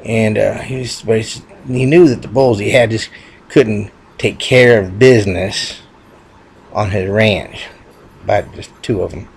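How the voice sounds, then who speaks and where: A man's voice: on the low side, a little slow, husky. A man telling a long folksy joke in a rambling, casual way. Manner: rambling, folksy, self-correcting. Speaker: joke teller, channel host.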